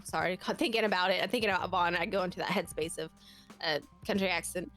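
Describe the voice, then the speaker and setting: A woman's voice: mid-range voice, lively intonation, a little fast, fairly bright tone, faint music behind. A young woman from Texas with a slight Texan accent, chatting casually and at length as a podcast guest, rambling and self-deprecating. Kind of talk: casual chat.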